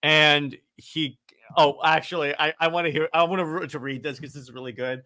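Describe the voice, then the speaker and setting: A man's voice: a little high, fairly even intonation, brisk, sharp tone. A man co-hosting a casual comic book podcast, enthusiastic, laughing often and tripping over his words. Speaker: podcast co-host.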